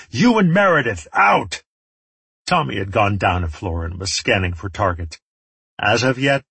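A man's voice: on the low side, a bit bright, husky, no echo. A man reading a first-person story aloud, with wry, sardonic asides. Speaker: audiobook narrator. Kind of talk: first-person audiobook narration.

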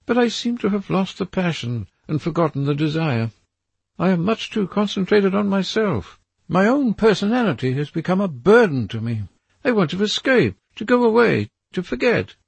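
A jittery young gentleman in a storybook reading, his voice pushed high and loud with wide, pleading swings, as a male narrator puts him on. Underneath there is a husky, gravelly grain, and the sound is close and dry. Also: sing-song, moderate pace, dry recording, full character voice. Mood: anxious. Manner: raised, pleading and anxious. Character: young gentleman, nervous, brooding and fearful.

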